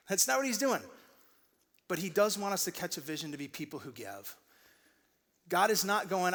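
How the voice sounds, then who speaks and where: A man preaching a sermon as pastor, telling stories with animated quoted voices. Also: sits high, a little fast. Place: church stage. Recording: long hall reverb.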